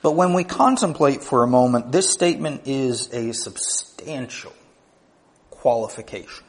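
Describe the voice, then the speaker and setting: A man's voice: mid-range voice, expressive, a little slow. A male pastor delivering a sermon, teaching in numbered points and rising to emphatic peaks.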